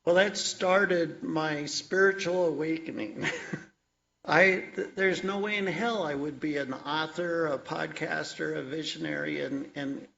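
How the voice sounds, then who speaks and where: A man, an author and energy worker, telling his life story in a slow, reflective, wry way. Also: a little high, fairly even intonation, creaky, fairly bright tone, highs cut off. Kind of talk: personal storytelling talk.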